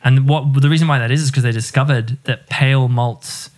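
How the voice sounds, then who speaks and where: A chatty man talks through beer history on a casual podcast. His voice sits in a middle pitch. He laughs often and drops the odd swear word. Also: fairly even intonation, brisk, darkish tone. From Ireland. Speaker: podcast co-host.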